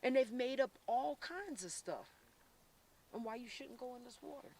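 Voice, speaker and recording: A man from Florida working as a psychic medium on an outdoor paranormal investigation, talking intensely and haltingly with many restarts. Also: extremely high pitch, animated, darkish tone, recorded from a distance, a little hiss or hum. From Florida, USA. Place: outdoors by a reservoir.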